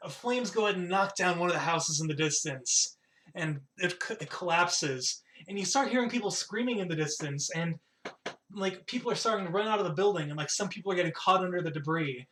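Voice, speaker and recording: A man's voice: high-pitched, fairly quick, fairly bright tone, a little hiss or hum. A man narrating as game master of a tabletop game, rambling and full of fillers.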